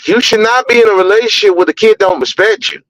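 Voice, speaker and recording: Blunt high-voiced man ranting on a podcast. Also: steady tone, fast, a bit bright, poor audio. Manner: blunt, profane, repeats words when heated. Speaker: podcast host. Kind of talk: opinionated podcast commentary.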